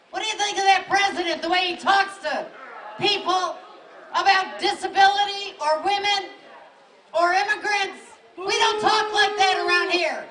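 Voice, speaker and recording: A woman's voice: extremely high pitch, sharp tone. A woman from Western New York with a Western New York accent, a congressional candidate giving an emphatic, rousing speech at an outdoor rally. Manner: rousing, emphatic, punchy repeated lines. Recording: echoey, distant from mic, crowd noise.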